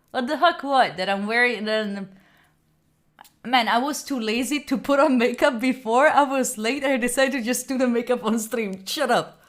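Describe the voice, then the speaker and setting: In this clip a young Italian streamer, pitched a little high and speaking at a moderate pace, chats with her livestream viewers in an Italian accent. She laughs frequently, stays animated, and reads chat messages out loud.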